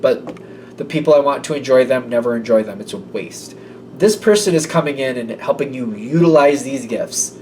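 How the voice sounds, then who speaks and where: Speaking at normal speed in a medium-pitched, darkish voice, a tarot reader rambles casually through a reading and sometimes does little character voices. There's faint room noise and the mic sits slightly far away.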